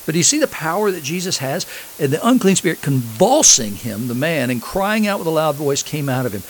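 A man's voice: on the high side, very animated, a little fast, a little hiss or hum, rough recording. A man preaching a sermon. He reads scripture aloud, explains it, and puts questions to his listeners. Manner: asks the congregation questions.

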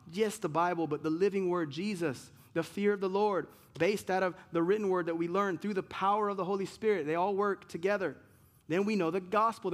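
High-voiced emphatic male pastor preaching. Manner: emphatic, swings between loud stresses and quiet asides; slows down to stress key words. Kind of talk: sermon.

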